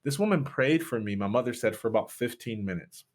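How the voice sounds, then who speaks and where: A man's voice: medium pitch, animated, fairly quick. Pastor guy telling his story, gets really fired up, voice shoots way up. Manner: impassioned, voice rising sharply at peaks. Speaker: guest, pastor and speaker. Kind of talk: storytelling interview.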